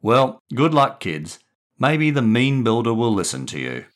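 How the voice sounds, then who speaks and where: A man's voice: medium pitch, sing-song, a little slow. A man voicing an amused builder who speaks wryly and teasingly, in a storybook reading. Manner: wry, teasing. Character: amused builder in a hard hat.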